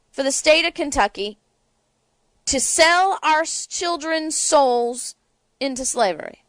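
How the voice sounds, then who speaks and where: A woman's voice: sits high, a little slow, a bit bright, no echo. A woman hosting a political talk show, delivering sarcastic, indignant commentary.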